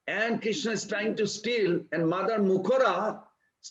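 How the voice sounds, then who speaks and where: A man teaches a scripture class in a high voice, telling stories animatedly and firing rhetorical questions at his listeners. The recording is echoey and lo-fi. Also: unhurried. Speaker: spiritual teacher. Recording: echoey room, dull lo-fi sound.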